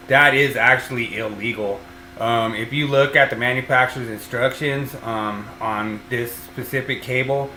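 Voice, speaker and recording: An electrician hosting a podcast talks casually and rambles, with lots of fillers and restarts. His mid-range voice sounds pushed and bright, with slight background noise and a roomy echo.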